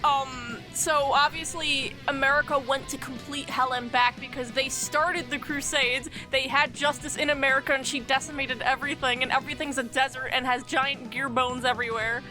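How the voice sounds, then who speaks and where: A woman's voice: sits high, fairly even intonation, normal speed, few pauses, over music. A woman hosting a fan podcast, chatting casually and animatedly, often breaking into laughter. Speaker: podcast host.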